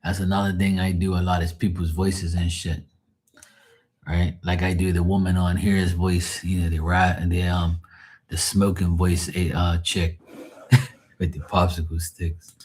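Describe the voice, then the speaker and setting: A man with a deep, husky voice chatting loosely on a live stream. He tells rambling stories full of swearing and chuckles, with a rough, breathy edge to his speech. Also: little pitch movement, measured pace, darkish tone. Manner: profane, storytelling, chuckling. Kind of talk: casual rambling chat.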